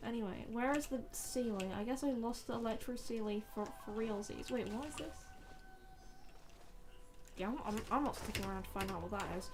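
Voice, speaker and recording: A woman's voice: on the high side, a little fast. Playful chatty woman streamer. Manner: chatty, playful, rambling, loud exclamations. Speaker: game streamer. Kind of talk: casual live gameplay commentary.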